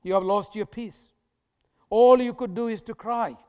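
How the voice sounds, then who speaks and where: Pastor guy preaching, smooth resonant voice, big echoey hall. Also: high voice, steady tone, darkish tone, highs cut off. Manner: emphatic, repetitive preaching with dramatic pauses. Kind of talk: sermon.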